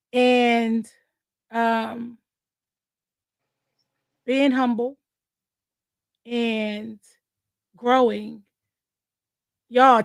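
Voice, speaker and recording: A high-pitched woman hosting a casual talk show. She speaks candidly and emotionally, with plenty of slang and cursing. Her voice is close and dry, with no room sound. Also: no echo. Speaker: host. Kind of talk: casual chat.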